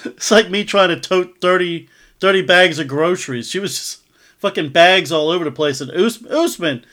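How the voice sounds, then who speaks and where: A man's voice: sits high, normal speed, sharp tone. A man co-hosting a casual podcast, ranting in an indignant, profane way and often laughing. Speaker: podcast co-host.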